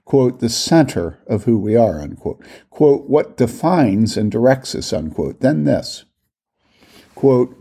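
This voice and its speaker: Gravelly-voiced man reading a critique. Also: medium pitch, very animated, dark tone. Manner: reads quotations slowly and deliberately, voicing each quote mark. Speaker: book critic. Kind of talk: read critique of a theology book.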